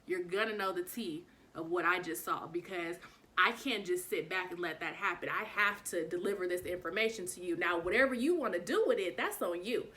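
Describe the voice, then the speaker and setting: Animated young woman, bright voice. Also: fairly quick. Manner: animated retelling, acts out dialogue with pitch jumps; frank, swears freely. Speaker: vlogger telling a story. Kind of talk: casual storytime vlog.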